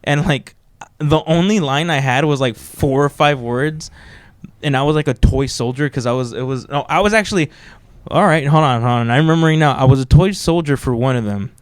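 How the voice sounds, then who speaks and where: A young man hosting a loose, casual podcast chat, swearing freely and laughing easily. His voice sits a little high for a man. The sound is dry and close, with no room around it. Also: fairly quick, smooth, no echo. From raised speaking Spanish in the US. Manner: relaxed, profane, laughs often. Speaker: podcast host.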